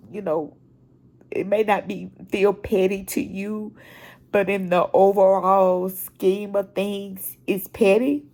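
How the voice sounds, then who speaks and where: A woman's voice: mid-range voice, warm tone. A middle-aged woman at home, recording a personal video diary and talking heartfelt and direct to her viewers. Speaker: vlogger.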